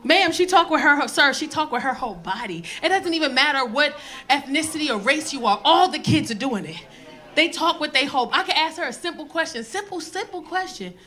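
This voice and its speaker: A woman from the South Bronx, New York, performs a brash, profane stand-up set on a comedy club stage, acting out characters. Her high-pitched voice is animated, fairly quick and sharp-toned, and the live club recording picks up a laughing crowd.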